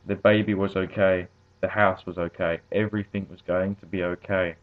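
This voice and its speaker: A man's voice: sits low, flat delivery, moderate pace, natural voice. A man voicing a shaken female medic. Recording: tinny phone-like audio.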